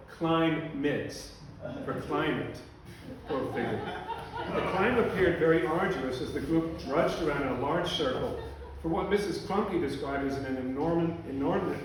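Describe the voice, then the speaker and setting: A man reading a humorous account to a live audience in a dry, deadpan way. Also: fairly high pitch, slight background noise. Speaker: storyteller. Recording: echoey room from a distance.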